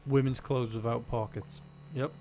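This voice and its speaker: A man's voice: mid-range voice, fairly even intonation, normal speed, warm tone, a little hiss or hum. A man on a stream, chatting casually and ranting wryly about everyday gripes. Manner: ranting, wry. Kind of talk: casual chat.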